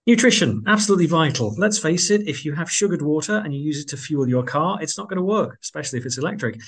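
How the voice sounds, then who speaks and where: A man's voice: on the high side, expressive, fast talker, breathy edge. A man hosting a radio interview, effusive and full of fillers. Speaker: radio host.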